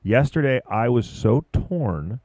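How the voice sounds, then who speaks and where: A man commentating live at a surfing contest, chatty and excitable, rambling about boards and waves. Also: mid-range voice, slow, no room sound.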